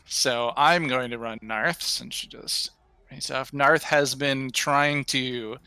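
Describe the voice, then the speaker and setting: A man narrating as game master of an online tabletop game, quick and chatty, laughing easily. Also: mid-range voice, fairly even intonation, bright, forceful tone, clear, resonant tone, dry recording.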